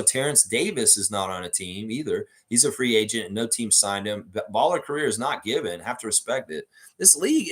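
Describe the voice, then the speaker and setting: A man's voice: mid-range voice, a bit bright. A man hosting a live basketball fan stream, talking in a blunt, rambling, profane way and reading viewer comments aloud. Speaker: sports fan show host.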